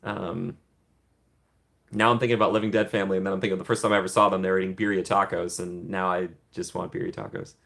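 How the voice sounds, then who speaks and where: A man with a low, fairly flat voice talks quickly, with some vocal fry and a slightly bright edge. He's hosting a casual livestream Q&A, reading viewer questions from chat aloud and answering in a chatty way, laughing often and saying "um" a lot.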